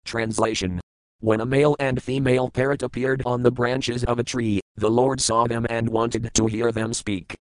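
A man reads scripture in a steady, measured way, going word by word through each verse's meanings before giving the translation. His voice sits at a middling pitch. The recording is dry and close, with no room sound. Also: dry recording, low-quality recording. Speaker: scripture reader.

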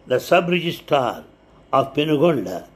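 A man narrating a devotional life story in a measured, earnest way. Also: fairly high pitch, very animated.

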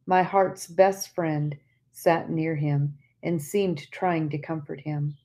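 A woman narrating an audiobook in a soft, tender, measured reading, often dropping to a hush. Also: low voice, fairly even intonation.

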